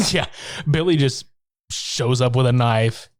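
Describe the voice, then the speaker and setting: A man's voice: medium pitch, takes it slowly, no room sound, clean studio sound. Profane man recapping a movie. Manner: profane, recaps scenes in mock voices. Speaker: podcast co-host. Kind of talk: casual chat.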